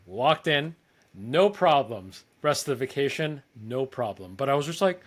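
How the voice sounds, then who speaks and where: Young male podcast co-host, mid-pitched, rambling storyteller who acts out quoted lines. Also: animated, moderate pace. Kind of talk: casual storytelling chat.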